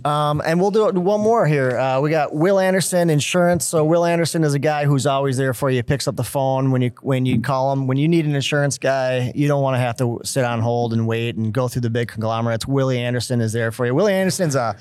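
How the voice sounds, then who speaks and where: A man's voice: mid-range voice, a little fast, hardly any pauses, a little mellow, smooth, no echo. A man from Minnesota co-hosting a podcast, reading sponsor spots in an upbeat, casual way with many fillers. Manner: upbeat, filler-heavy delivery. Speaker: podcast co-host. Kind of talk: casual chat and sponsor reads.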